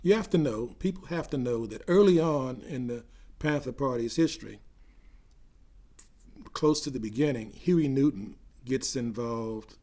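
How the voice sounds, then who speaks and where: An older man recounting memories in an oral history interview, growing animated as he tells a story. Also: mid-range voice, measured pace.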